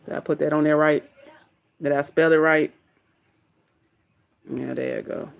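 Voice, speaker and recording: A woman's voice: low voice, steady tone, measured pace, vocal fry, clean tone. A woman hosting a casual livestream, talking bluntly and with irritation and plenty of cursing. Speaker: livestream host.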